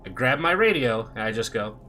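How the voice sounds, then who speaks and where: Bright, curt-sounding man telling stories. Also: mid-range voice, sing-song, brisk, faint music behind. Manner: voice that sounds curt, short and sarcastic; barking, drill-sergeant edge. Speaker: airport security officer telling a work story. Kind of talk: casual chat among players.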